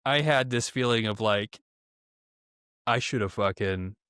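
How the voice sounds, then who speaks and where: A young man telling a story on a podcast in a casual, profane, animated way, acting out quotes in raised voices. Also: on the low side, measured pace, smooth, dry recording, studio quality. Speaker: podcast co-host.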